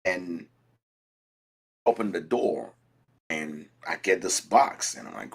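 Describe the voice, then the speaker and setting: Deep-voiced husky man, lively delivery, casual storyteller on a web talk show. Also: takes it slowly, pauses often. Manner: animated, storytelling with repeated restarts. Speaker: whiskey show contestant. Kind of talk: casual chat.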